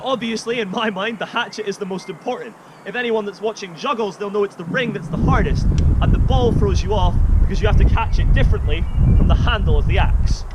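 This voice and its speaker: High-voiced showman juggler outdoors. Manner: theatrical, playful, jokey. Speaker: juggling performer. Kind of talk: showman's patter for a video performance. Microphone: camera run by an assistant. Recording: noisy outdoor recording.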